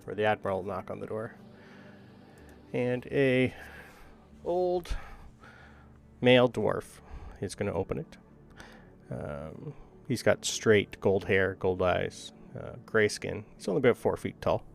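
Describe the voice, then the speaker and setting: A man's voice: on the low side, expressive, a little slow, vocal fry, pauses often. A man running a tabletop game as game master, describing scenes casually with frequent ums.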